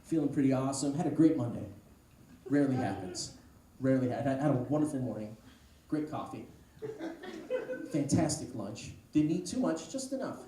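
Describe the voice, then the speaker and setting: A man doing a stand-up comedy set, telling a rambling story with deadpan asides. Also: mid-range voice, brisk, long pauses. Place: comedy club stage. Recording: echoey room, distant mic, noise. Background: audience laughter.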